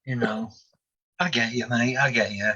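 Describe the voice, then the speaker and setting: A man's voice: mid-range voice, fairly even intonation, normal speed, bright, forceful tone, breathy edge, lo-fi sound. A middle-aged man hosting a candid podcast chat, hesitant with many ums. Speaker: host.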